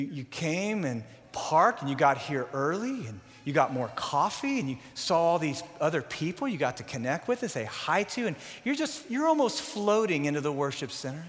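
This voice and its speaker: A man in his forties preaching a sermon, telling animated stories and acting out scenes. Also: a little high. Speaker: pastor. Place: large church worship center. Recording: long hall reverb.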